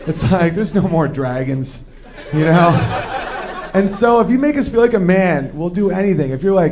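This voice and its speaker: A man performing a stand-up comedy set, animated and acting out the people he quotes. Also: high voice, moderate pace. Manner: animated, acts out quoted voices. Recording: live show with crowd. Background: audience laughter.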